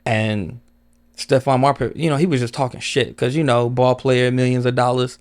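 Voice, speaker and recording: A man's voice: mid-range voice, fairly even intonation, normal speed, a little mellow. A man guest on a podcast, telling stories in a rambling casual way, full of "like" and swearing.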